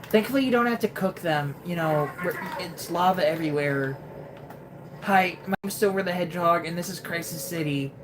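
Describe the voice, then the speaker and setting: A woman's voice: fairly low pitch, moderate pace, background noise, close to an everyday voice. A woman doing a stoned future hedgehog. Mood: mellow. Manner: drawling, lazy slacker talk. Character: laid-back stoner male hedgehog from a ruined future.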